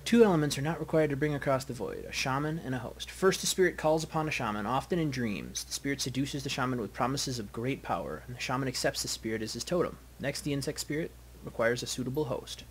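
A man's voice: mid-range voice, fast talker, a little hiss or hum, close to an everyday voice. Harlequin, a man reading an ancient flippant elf.

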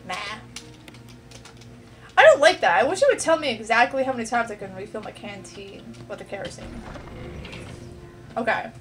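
A woman's voice: on the high side, big pitch swings, moderate pace, long pauses, a bit bright, faint music behind. A young woman commentating her own gameplay, talking to herself, swearing and getting frustrated. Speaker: gaming let's play host. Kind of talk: let's play commentary.

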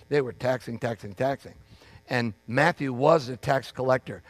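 A man's voice: medium pitch, dry recording. A man preaching a sermon as pastor, in a conversational way, acting out the voices of people he quotes.

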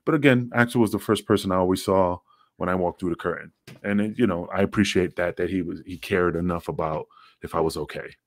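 A man's voice: low voice, quick pace, no room sound. A middle-aged man, a former wrestler, telling rambling, profane stories in a casual interview. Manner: rambling, profane, acts out quotes.

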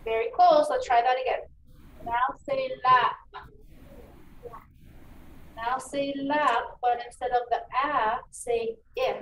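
Woman teacher, high voice, slow deliberate phonics drills, echoey room, distant mic. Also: a bit bright, slight background noise. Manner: encouraging, slow and clearly enunciated. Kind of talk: phonics lesson demonstration. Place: meeting room.

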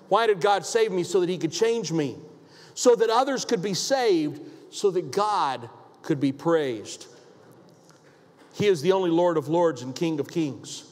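A pastor preaching a sermon in a church, emphatic and repetitive, asking rhetorical questions. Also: male voice, a little high, animated, unhurried. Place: church sanctuary. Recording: long hall reverb.

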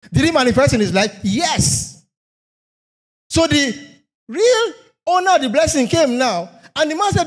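A man preaching a sermon, emphatic, asking rhetorical questions and repeating phrases for effect. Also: extremely high pitch.

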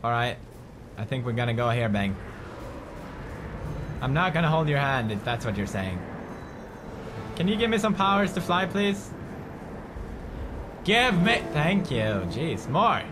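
A man in his twenties giving playful, excitable let's-play commentary and chatting to his game companion. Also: medium pitch, a little slow, long pauses, background noise. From Sweden. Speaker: gaming host. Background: game music.

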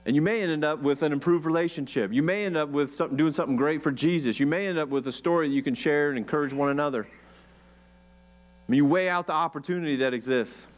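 Guy preaching loose and jokey, lotta "like"s, voice a bit high. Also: quick pace. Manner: chatty and joking, with lots of "like" and rhetorical questions. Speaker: pastor. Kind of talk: casual sermon.

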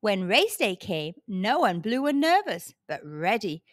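Animated woman reading a kids' book. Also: mid-range voice, a little slow, no room sound, clean studio sound. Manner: animated, expressive. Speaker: storyteller. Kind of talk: children's read-aloud.

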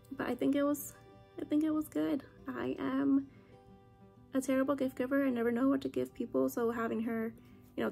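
Chatty young woman vlogging with a gravelly voice. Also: a little high, darkish tone. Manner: chatty, says "like" often. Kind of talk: casual vlog chat. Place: at home after a family visit.

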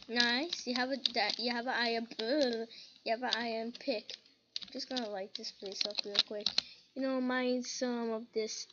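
A woman's voice: on the high side, heavy background noise. A woman giving casual gameplay commentary, humming little sing-song tunes as she plays. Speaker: gamer. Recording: lo-fi with loud keyboard typing.

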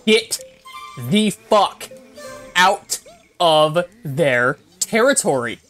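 A young woman giving casual gameplay commentary, swearing often and yelling at the game. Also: sits low, expressive, extremely slow, faint music behind. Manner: swears a lot, yells at the game. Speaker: gaming video creator.

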